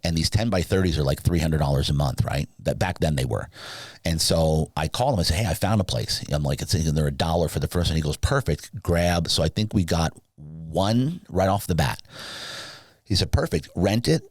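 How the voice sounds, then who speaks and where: A very low-voiced man tells a rambling personal story as a podcast guest. He gets animated and jumps his voice way up when he acts out dialogue. The sound is dry and close, with no room echo. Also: moderate pace. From Southern California. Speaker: podcast guest, sleep business founder. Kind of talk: casual storytelling interview.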